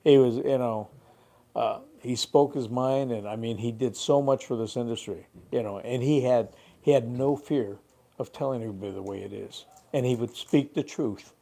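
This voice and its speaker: An older man co-hosting a fishing show, chatting casually and telling animated stories about the old days. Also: medium pitch, moderate pace, creaky. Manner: lively storyteller, animated. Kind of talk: casual chat.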